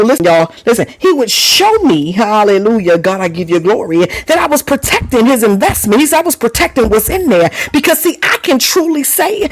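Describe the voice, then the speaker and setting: A man with a strikingly high voice delivers a charismatic sermon. He laughs often, repeats hallelujah and slips into speaking in tongues. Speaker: preacher.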